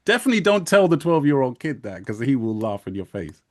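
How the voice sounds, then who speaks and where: A man's voice: medium pitch, fast. A man in his thirties, from England, co-hosting a casual podcast, laughing often and telling stories with slang. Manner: laughing, animated storytelling, London slang. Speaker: podcast co-host. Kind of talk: casual chat.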